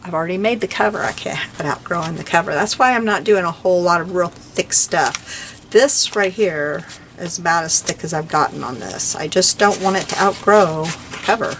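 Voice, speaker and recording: An older woman with a lowish, fairly bright voice chats casually at a moderate pace, rambling as she works on a craft journal and laughing lightly now and then. She's a crafting vlogger, and the recording carries a little hiss or hum.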